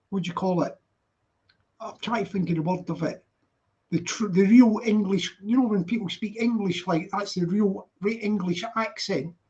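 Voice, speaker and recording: A man's voice: high-pitched, breathy edge. A man in his sixties from Scotland with a Glaswegian accent, hosting a casual online chat and rambling as he repeats himself. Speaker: host. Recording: muffled lo-fi online call audio.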